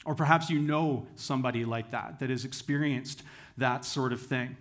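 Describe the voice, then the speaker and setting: A man's voice: medium pitch, steady tone, normal speed, a bit bright. A man who is a campus pastor, preaching a sermon in a friendly, joking storyteller's manner.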